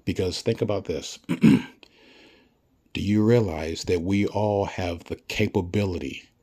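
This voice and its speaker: A man's voice: low-pitched, slow, warm tone. A man giving a blunt, profane ranting monologue, lecturing the listener and repeating himself for emphasis. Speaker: vlogger.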